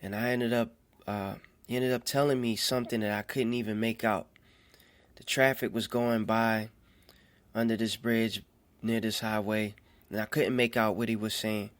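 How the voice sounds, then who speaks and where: A man telling a personal faith testimony in an earnest, halting way, often repeating phrases as he goes. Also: fairly low pitch, flat delivery. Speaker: storyteller.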